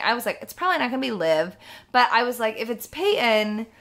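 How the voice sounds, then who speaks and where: Giggly bright-voiced Midwestern woman. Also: fairly high pitch, expressive, a little fast. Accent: Midwestern American. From Michigan. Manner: giggly, gossipy storytelling. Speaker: podcast co-host. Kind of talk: casual chat.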